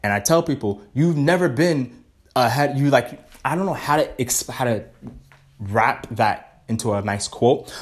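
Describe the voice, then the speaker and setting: A man hosting a casual solo podcast, rambling and swearing freely, now and then eating while he talks and jumping into high playful tones. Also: expressive, a little slow. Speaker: podcast host.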